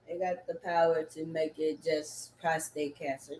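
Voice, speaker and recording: A woman rambling casually and repetitively, swearing often and breaking into loud outbursts, sitting at home on a couch. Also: low voice, steady tone, moderate pace, few pauses. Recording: echoey room.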